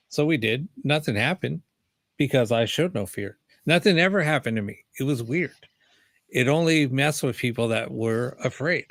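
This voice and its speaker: A man's voice: medium pitch, normal speed, a bit bright, no room sound, studio quality. Laid-back male host in casual chat. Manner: laid-back, laughs while telling stories.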